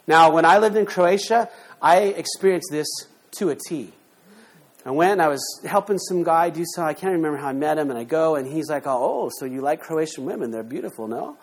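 A man in middle age delivers a sermon with a slightly higher-pitched voice. He is emphatic, pushing rhetorical questions at the congregation and swinging between loud punches and quiet asides. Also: fairly quick. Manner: emphatic, rhetorical questions, lively shifts in loudness. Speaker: pastor.

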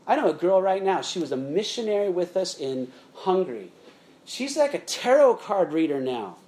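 A man's voice: high-pitched, sing-song, moderate pace, a little mellow. A middle-aged man preaching a sermon in a conversational way, often checking in with "okay?" and addressing listeners as "guys.". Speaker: pastor.

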